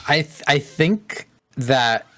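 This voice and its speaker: A man's voice: mid-range voice, lively intonation, slow, fairly bright tone, dry recording. A man co-hosting a podcast in casual chat, talking with many hesitations and fillers. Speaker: podcast co-host.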